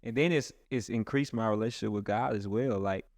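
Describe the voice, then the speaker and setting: A man's voice: lowish voice, a little fast, a little mellow, no room sound, clean studio sound. A man who is a pastor, talking earnestly and casually in a rambling way with many restarts. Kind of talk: casual podcast chat.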